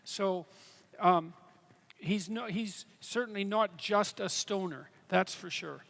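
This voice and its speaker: A man answering questions on stage at a live event, earnest and halting, with many restarts. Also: sits high, creaky, a bit bright. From Canada. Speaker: guest speaker. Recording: reverberant hall.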